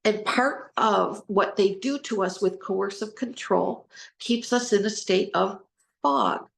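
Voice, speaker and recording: In an echoey room, a woman hosts an informal talk on trauma recovery, earnest and rambling, spelling out words and restarting sentences. Her voice is medium-pitched, steady, slow and creaky.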